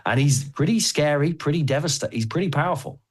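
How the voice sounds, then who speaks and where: A man's voice: on the high side, lively intonation, fast. A man hosting a casual podcast chat about comics, enthusiastic and laughing often. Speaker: podcast host.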